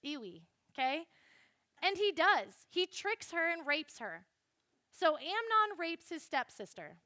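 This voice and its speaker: Bright high-voiced young woman teaching. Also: takes it slowly, no echo, studio quality. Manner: animated, addresses listeners directly. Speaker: presenter of a Bible lesson. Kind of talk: classroom Bible lesson.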